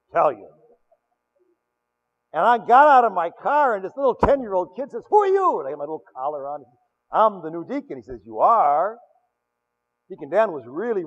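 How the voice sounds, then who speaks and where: Lively older priest preaching. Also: male voice, sits high. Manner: animated storytelling with many restarts. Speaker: pastor. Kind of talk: sermon. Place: large church. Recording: echoey church, dull lo-fi.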